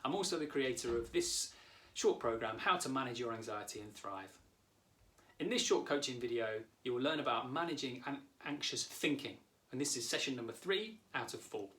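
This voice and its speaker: In this coaching lesson, a therapist in his thirties speaks calmly and directly to the viewer. His pitch is medium and his pace moderate, with a steady, explanatory delivery.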